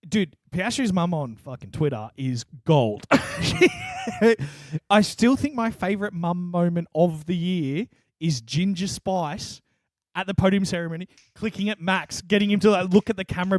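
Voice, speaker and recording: A man co-hosting a casual motorsport podcast, animated, laughing often and swearing freely. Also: high-pitched, dry recording, studio quality. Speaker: podcast co-host. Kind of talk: casual sports chat.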